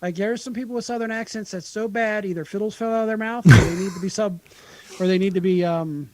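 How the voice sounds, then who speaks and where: A man co-hosting a casual podcast, blunt and profane in loud banter. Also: high-pitched, fast, no echo. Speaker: podcast co-host.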